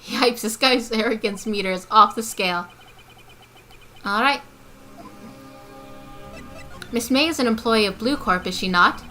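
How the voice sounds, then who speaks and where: A woman's voice: on the high side, moderate pace, bright, forceful tone, slight background noise. A woman voicing an earnest young male defense attorney, reading his dialogue and wry inner asides aloud.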